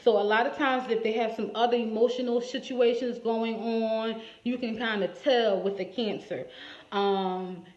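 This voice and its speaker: A woman's voice: on the high side, steady tone, normal speed, darkish tone. A woman hairstylist telling a story to her viewers in a casual, salty way, playing both sides of a phone call. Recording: echoey room, dull lo-fi sound.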